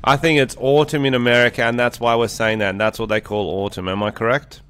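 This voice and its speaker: A man's voice: medium pitch, steady tone, fast, fairly bright tone, clean tone. A young Australian man co-hosting a podcast, joking around and swearing freely in casual banter. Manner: crude, sweary and jokey. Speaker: podcast co-host.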